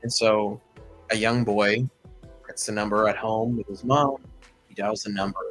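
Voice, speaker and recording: A man's voice: fairly low pitch, fairly even intonation, normal speed, a bit bright, faint music behind, rough recording. A man hosting a livestream, telling a story in a chatty, rambling way full of asides. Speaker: host.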